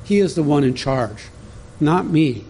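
A man's voice: fairly high pitch, animated, a little slow, warm tone, a little hiss or hum. A man preaching a sermon as pastor, in a conversational teaching manner that speaks directly to the congregation.

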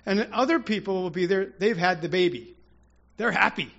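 A man's voice: sits high, normal speed, gravelly, a bit bright, dull audio. A man preaching an informal, rambling sermon to his congregation, with prayerful asides and restarts. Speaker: church speaker.

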